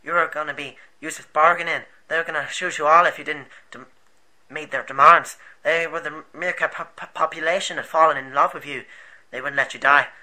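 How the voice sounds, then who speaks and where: A man's voice: a little high, fairly even intonation, brisk, pushed and bright, rough recording. A man playing an earnest, rambling rebel leader. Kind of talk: amateur movie voice acting.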